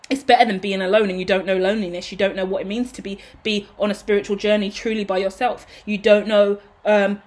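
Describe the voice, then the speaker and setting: A woman giving a casual tarot reading to her viewers, excitable and swearing freely, breaking into shouts and laughter. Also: mid-range voice. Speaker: tarot reader.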